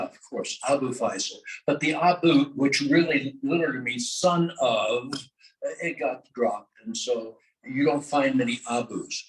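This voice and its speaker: An older man speaks at a luncheon in a middle-range voice, pausing often on filler sounds. He draws the audience in with questions and has them repeat after him. His voice comes from a distance, away from the microphone. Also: mid-range voice. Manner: halting, with frequent filler sounds; engages the audience with questions and call-and-response. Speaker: guest speaker. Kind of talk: luncheon talk. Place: luncheon meeting room. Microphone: microphone held at a distance. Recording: voice heard from off the mic.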